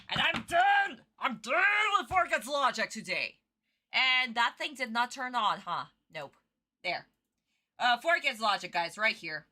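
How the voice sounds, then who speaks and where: A woman's voice: fairly high pitch, pushed and bright. A woman streamer giving a casual reaction commentary, ranting and swearing in frustration.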